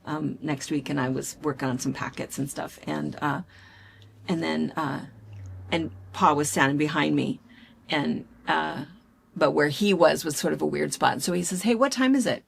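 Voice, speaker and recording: Chatty middle-aged American host, slightly low and gravelly, lots of ums. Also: female voice, flat delivery, normal speed, slight background noise. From United States. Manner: rambling, chatty, with frequent fillers. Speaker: show host. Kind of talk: casual chat.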